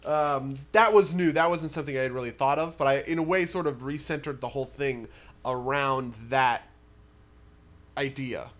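A man game master talking over a tabletop campaign in casual chat, halting and searching for words. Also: mid-range voice, fairly bright tone.

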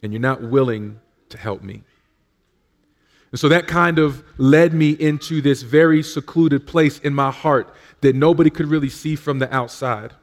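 A man preaching in a church service, telling his own story in a conversational way with frequent fillers and restarts. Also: fairly high pitch. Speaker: pastor. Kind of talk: sermon with personal testimony.

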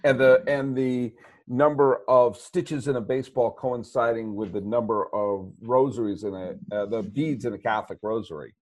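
A man hosting a sports podcast, talking through a film in a rambling, animated way with many restarts. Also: medium pitch, moderate pace. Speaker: podcast host. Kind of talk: casual movie chat.

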